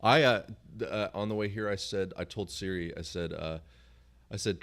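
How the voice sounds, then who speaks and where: A man chatting on a podcast who tells stories with animated, exasperated rants. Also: sits low, moderate pace. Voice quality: animated storyteller, ranting in exasperation. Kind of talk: casual chat.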